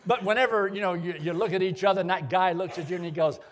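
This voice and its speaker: A man's voice: high-pitched, fast. A middle-aged man preaching a sermon in a folksy, joking way. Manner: folksy, joking, animated delivery.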